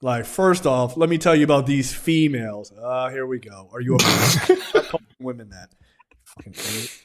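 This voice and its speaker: A man's voice: medium pitch, normal speed. Laid-back man rambling through a film review. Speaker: podcast co-host. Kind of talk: casual film review chat.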